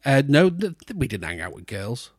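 A man's voice: mid-range voice, sing-song, moderate pace, breathy edge, no room sound. A middle-aged man, telling a long, rambling story in casual podcast chat, full of restarts and fillers. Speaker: podcast co-host.

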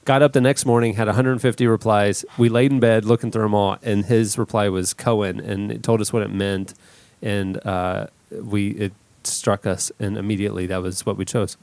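A man's voice: on the low side, level tone, gravelly, darkish tone, no room sound. A man in his thirties hosting a podcast, chatting casually in a rambling way with many restarts. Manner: rambling, halting, full of restarts. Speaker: podcast host. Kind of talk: casual chat.

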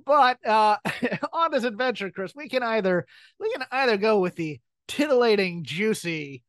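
A man's voice: sits high, animated, normal speed, no room sound. Jokey rambling male podcast host. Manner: jokey, rambling, laughs often. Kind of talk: casual chat.

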